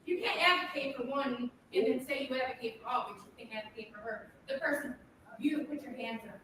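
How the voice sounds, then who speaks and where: A woman's voice: high voice, brisk, pushed and bright, slight background noise. A woman making an angry, confrontational public comment at a township board meeting, scolding and mocking an official. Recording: echoey hall from far off.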